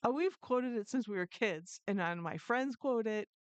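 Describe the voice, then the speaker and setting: A woman's voice: fairly high pitch, lively intonation, normal speed, clean tone, no echo. A woman co-hosting a live podcast, telling stories in casual chat and laughing often. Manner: chatty storyteller who laughs often. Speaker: podcast co-host.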